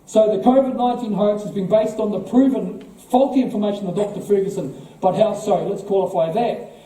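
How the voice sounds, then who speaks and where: A man with a New Zealand accent addresses an audience, pressing his points with rhetorical questions and repeated words. His voice sits fairly high yet sounds very dark and mellow. It is recorded from a distance in a large hall with heavy echo. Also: a little fast. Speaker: political party speaker. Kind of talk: speech to a live audience. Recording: echoey hall, voice from far off.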